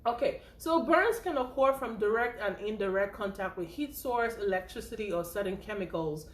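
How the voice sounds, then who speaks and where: A woman's voice: mid-range voice, animated, moderate pace. Woman doing a casual first aid class, bit out of breath, roomy echo. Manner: chatty, repeats points with frequent "okay?" and "right?". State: a little out of breath. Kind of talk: informal spoken lesson. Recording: echoey room.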